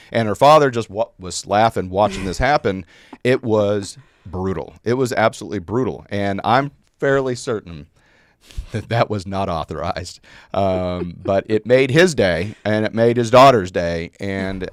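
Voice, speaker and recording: Middle-aged male guest, low smooth voice, rambling anecdotal delivery in a dry room. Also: dry recording. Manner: rambling with many fillers and restarts. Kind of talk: storytelling in a conversation.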